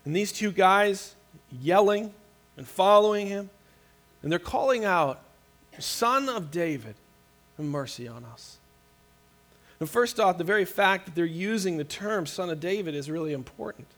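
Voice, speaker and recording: A man's voice: sits high, moderate pace. A man preaching a sermon as a pastor, with an earnest, conversational manner, frequent restarts and light laughter.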